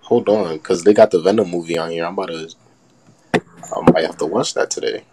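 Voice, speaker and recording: A man's voice: low voice, fairly quick, very noisy. A young man hosting a phone live stream, bantering loosely in slang and laughing often. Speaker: TikTok live host. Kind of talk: casual chat.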